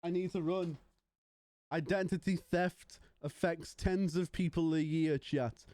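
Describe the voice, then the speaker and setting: A man's voice: fairly high pitch, fairly even intonation, unhurried, warm tone, dry recording. A young man streaming live, chatting casually and joking with his viewers. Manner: playful, joking banter with chat.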